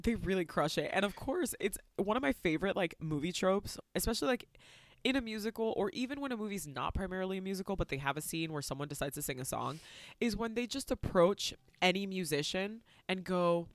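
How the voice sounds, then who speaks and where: A woman's voice: medium pitch, brisk, no echo. Podcast co-host, female, brash and theatrical, dry close mic. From Latin American heritage. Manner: animated, profane, theatrical retelling. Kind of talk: casual movie recap chat.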